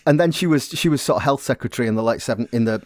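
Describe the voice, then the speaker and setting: A man's voice: medium pitch, very fast, no room sound. A man co-hosting a chat podcast, explaining from his research in a wry, casual way. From Britain. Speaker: podcast co-host.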